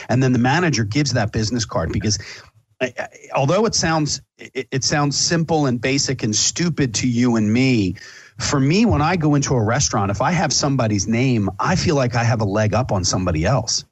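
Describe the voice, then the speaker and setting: Man, co-host, husky voice, dry close sound, enthusiastic. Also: mid-range voice, animated, a little fast, no room sound. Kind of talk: casual podcast chat.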